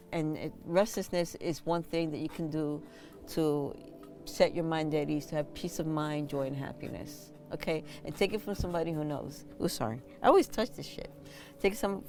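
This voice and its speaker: A woman with a lowish, darkish voice hosts the show and works as a massage therapist. Sitting indoors on a squeaky chair, she gives casual spiritual advice that's blunt yet encouraging, swearing now and then.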